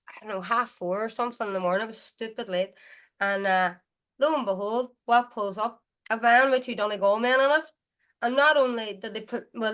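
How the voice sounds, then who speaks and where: Chatty woman with a Derry accent. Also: medium pitch. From Northern Ireland. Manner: chatty storyteller, quick and animated. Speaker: guest, DJ and music producer. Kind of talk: casual interview chat.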